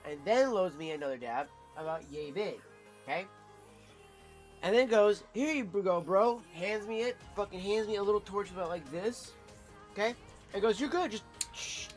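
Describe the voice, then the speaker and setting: A man telling a rambling, profane story to his live chat as a streamer, in a casual, animated way. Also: high voice.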